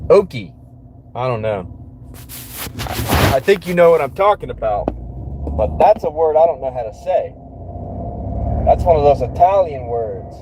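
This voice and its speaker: A man's voice: a little high, lively intonation, unhurried, long pauses. A man chatting casually to his livestream viewers from work, rambling and joking with plenty of profanity. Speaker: livestream host. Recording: loud vehicle and street noise. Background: vehicle noise.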